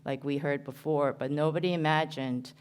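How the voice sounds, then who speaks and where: A woman's voice: low-pitched, steady tone, moderate pace, darkish tone, smooth. A woman surgeon with a New Jersey accent, giving an earnest conference talk with many ums and restarts. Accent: American, New Jersey. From Korea. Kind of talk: conference presentation.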